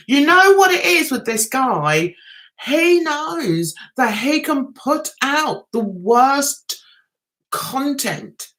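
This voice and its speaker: London lady w a bit of essex, unhurried, swoops up and down loads, sarcastic live chat host. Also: high voice, very animated, a bit bright. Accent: London with a touch of Essex. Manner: chatty, sarcastic, teasing. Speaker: livestream host. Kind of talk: casual live chat with viewers.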